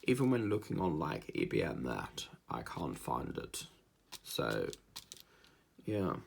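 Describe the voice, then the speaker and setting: Rambly english guy chatting while he crafts, gravelly husky voice, goes up and down a lot. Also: extremely low pitch, wildly swooping pitch, slow, a little hiss or hum. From England. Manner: rambling, chatty, drifts into mimicked accents. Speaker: diamond painting vlogger. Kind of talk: casual chat while crafting.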